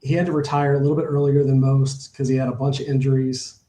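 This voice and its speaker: A middle-aged man tells stories in a loose, rambling way, full of fillers and restarts. His voice is dark and mellow. It sounds like he is in a roomy space with noticeable echo. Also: medium pitch, level tone, fast talker. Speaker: horse owner guest. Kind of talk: casual storytelling interview.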